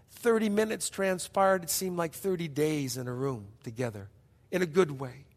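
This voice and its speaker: Middle-aged pastor preaching in a hall. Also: male voice, high voice. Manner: emphatic, repetitive, dramatic pauses and hushed passages. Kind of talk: sermon storytelling. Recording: long hall reverb.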